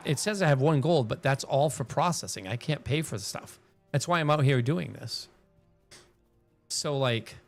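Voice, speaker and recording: A man giving casual live-stream commentary while playing a game, rambling, swearing freely and laughing often. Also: medium pitch.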